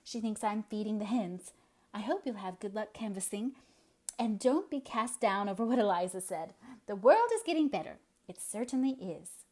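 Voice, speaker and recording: A woman reading aloud, voicing a timid but optimistic older spinster who talks in a hurried, hopeful way. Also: medium pitch, expressive, warm tone, lightly acted.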